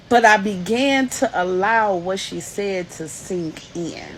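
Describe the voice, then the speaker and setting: A woman's voice: lowish voice, measured pace, a little hiss or hum, rough recording. A woman hosting a podcast, giving an emphatic personal motivational talk, repeating key lines for emphasis and addressing the listener directly. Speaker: podcast host.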